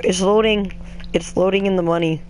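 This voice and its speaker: A man's voice: sits high, steady tone, normal speed, slight background noise. A man in casual gameplay chat, bossy and teasing as he runs the game's money, muttering little sound effects. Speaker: gamer running an in-game shop.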